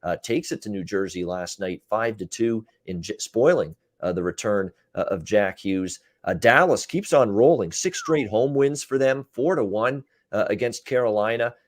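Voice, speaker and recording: A man hosting a casual sports betting chat, recapping games in quick runs with frequent "uh" fillers. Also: on the low side, dry recording. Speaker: betting show host and handicapper.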